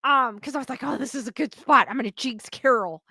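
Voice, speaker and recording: A woman's voice: sits high, a little fast, gravelly, pushed and bright, no echo, clean studio sound. A young woman hosting a casual livestream, chatting and giggling as she reads out viewers' comments. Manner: chatty, giggly, quotes chat names aloud. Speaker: livestream host.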